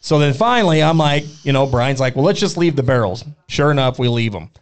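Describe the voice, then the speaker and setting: A man hosting a podcast, telling a rambling story in an animated, casual way. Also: mid-range voice, brisk, clear, resonant tone. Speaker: podcast co-host.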